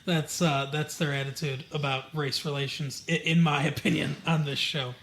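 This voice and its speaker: Bright-voiced chatty man from Michigan. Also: fairly high pitch, level tone, normal speed. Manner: chatty, digressive, many fillers. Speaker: podcast co-host. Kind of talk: casual chat recapping a TV episode.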